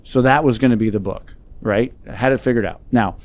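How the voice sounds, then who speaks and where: A man's voice: medium pitch, a little fast, darkish tone, no room sound. A man speaking as a guest, telling a personal story in an earnest, reflective way. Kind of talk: storytelling in conversation.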